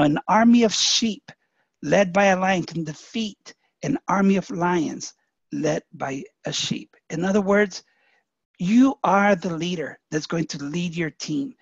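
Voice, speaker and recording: High-voiced gravelly man coaching a team. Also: no room sound. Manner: folksy storytelling with many "you know" fillers. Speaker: network marketing trainer. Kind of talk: motivational training talk. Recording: muffled lo-fi webinar audio.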